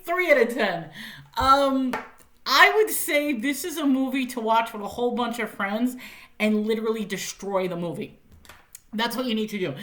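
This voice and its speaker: A woman's voice: on the high side, fairly bright tone, reverberant. A woman giving a casual, chatty spoken movie review, often laughing and using lots of fillers.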